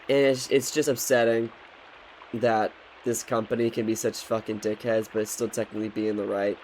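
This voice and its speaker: A man's voice: on the low side, flat delivery, moderate pace, darkish tone, a little hiss or hum. A young man in his twenties telling a frustrated, swearing story in a loose, casual rant while he plays a game. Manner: frustrated, swears often, talks loosely with restarts.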